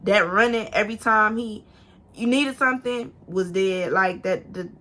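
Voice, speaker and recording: Bright-voiced woman telling a wild story. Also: medium pitch, moderate pace. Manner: animated, swearing, acts out quotes in a raised voice. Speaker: storytime vlogger. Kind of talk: casual storytelling to camera.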